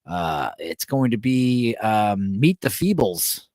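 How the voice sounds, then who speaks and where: A man's voice: lowish voice, very animated, takes it slowly, darkish tone, no echo, clean studio sound. A man hosting a late-night livestream, chatting loosely and reading out viewer messages while tired at five in the morning. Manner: loose, rambling, reads and answers chat. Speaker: livestream host.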